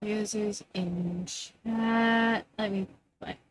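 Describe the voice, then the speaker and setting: A woman's voice: medium pitch, fairly even intonation, extremely slow, dry recording, soft background music. A woman chatting casually on a live stream, distracted and muttering curses as her tech acts up.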